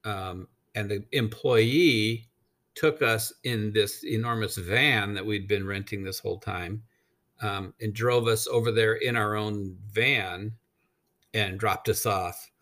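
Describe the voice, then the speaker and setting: An American man unhurriedly tells a travel story in a fairly low, fairly bright voice. He's frank and meandering, swearing freely and saying um a lot.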